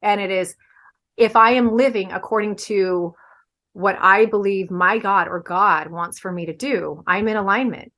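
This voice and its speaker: A woman's voice: mid-range voice, normal speed, bright, forceful tone. A woman who is a podcast guest, earnestly explaining her views with everyday examples in casual conversation.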